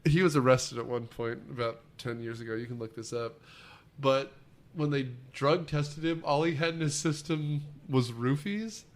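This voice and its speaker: A man's voice: medium pitch, moderate pace. A man hosting a casual movie podcast, retelling scenes in a jokey, rambling way. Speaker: podcast host. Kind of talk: casual film podcast chat.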